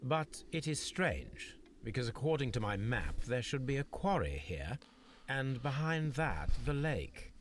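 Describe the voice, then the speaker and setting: A man voicing a composed detective in a mystery game, speaking in a measured, matter-of-fact way. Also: medium pitch, very animated, a little hiss or hum. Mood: calm.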